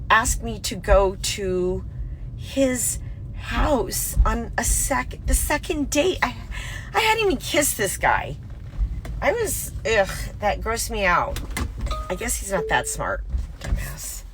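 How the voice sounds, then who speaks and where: A woman telling a dating story in a storytime vlog, animated and dismissive, recorded inside a car. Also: on the low side, a little hiss or hum.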